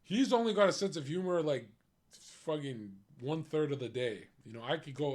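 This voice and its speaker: A young man talks to his stream in a casual, blunt rant. His voice sits a little higher than most men's, and he swears freely as he runs through his opinions. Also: expressive, normal speed. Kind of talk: casual chat.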